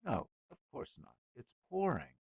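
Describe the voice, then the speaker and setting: A man voicing a harassed mother who gives brisk, dismissive replies in an audiobook. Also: a little high, huge pitch swings, vocal fry, slightly rough, dry recording, muffled recording, pitched above the performer's own voice, full character voice. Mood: weary. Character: harassed mother, calm but impatient.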